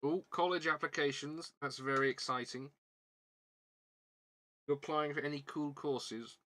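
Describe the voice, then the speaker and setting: Guy chatting to his stream while building a kit, bright clear voice, easygoing. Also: a little high, fairly even intonation, a little slow. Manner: chatty, thinking aloud and greeting chat viewers. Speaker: livestream host. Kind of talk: casual chat while building a model kit.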